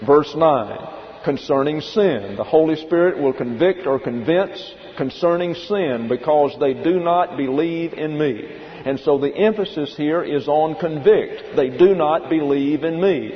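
A pastor preaching verse by verse, stopping to explain the Greek behind the words and telling listeners to note them down. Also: male voice, on the high side, measured pace, a little hiss or hum. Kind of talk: expository sermon. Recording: dull lo-fi recording in a reverberant hall.

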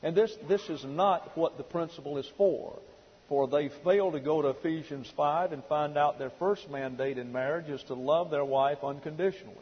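Husky preacher man in an echoing hall. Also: a little high. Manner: emphatic preaching, dwelling slowly on key words. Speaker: pastor. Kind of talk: sermon. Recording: dull lo-fi recording in a reverberant hall.

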